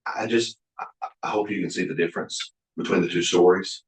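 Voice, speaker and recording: A guest speaker at a Bible college, a deep-voiced middle-aged man from Oklahoma, moves briskly through a preachy leadership lecture built on stories. He comes across as homespun and earnest, restarting often as he quotes old exchanges, and his low voice rings around a reverberant room.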